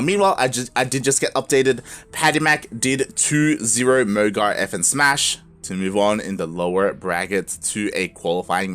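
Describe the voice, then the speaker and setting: Male esports caster, live play-by-play, excitable, casual slang, shouts at big plays, faint music behind. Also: lowish voice. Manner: excitable, swings from calm play-by-play to loud shouting; laughs often and uses casual slang. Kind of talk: live game commentary.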